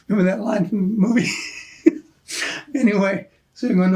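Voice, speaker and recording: In a hotel room, an older American Army veteran gives an oral history interview, telling rambling anecdotes, chuckling often and saying "you know" a lot. His voice is high and mellow, with fairly even intonation and a brisk pace, on a rough recording.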